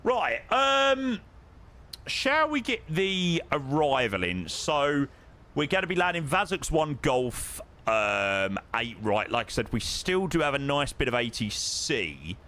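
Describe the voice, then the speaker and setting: Lively young man streaming. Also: on the high side, takes it slowly. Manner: chatty, matey, greets viewers by name. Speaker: flight sim streamer. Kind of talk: casual live-stream chat with chat readers.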